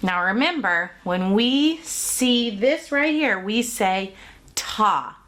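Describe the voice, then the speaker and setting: A woman's voice: medium pitch, expressive, slow, a bit bright. A woman teaching an online kindergarten music class from a music room at home, talking to young children in a cheerful, sing-song way with simple songs and counting.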